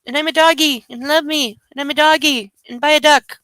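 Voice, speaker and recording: Eager clingy puppy in high bright baby talk, voiced by a woman. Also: steady tone, fairly quick, no room sound. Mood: pleading. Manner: babbling run-on baby talk. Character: eager affectionate male puppy wanting belly rubs.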